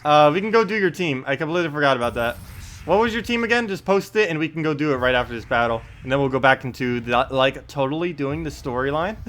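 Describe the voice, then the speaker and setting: A man casually commentating his live game stream, chatty and quick to laugh, with faint game music behind. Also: on the high side, a bit bright.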